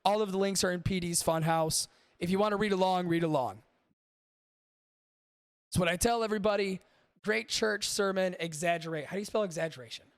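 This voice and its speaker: A man's voice: high voice, fairly quick, no room sound, studio quality. A man hosting a podcast livestream, chatting casually and profanely, rambling and talking to his chat. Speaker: podcast host.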